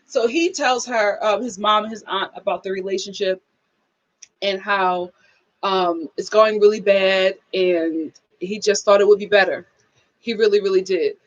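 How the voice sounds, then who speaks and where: A young adult woman chatting casually as she reviews a reality show, emphatic and animated, acting out the scenes she describes. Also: medium pitch, a little slow, highs cut off.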